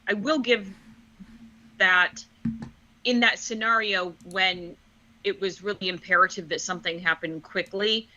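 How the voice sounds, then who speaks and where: Bright, hesitant woman on dull lo-fi audio. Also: mid-range voice, fairly even intonation, measured pace, pauses often, a little hiss or hum. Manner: hesitant, filler-heavy, conciliatory. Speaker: podcast co-host. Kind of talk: casual political chat.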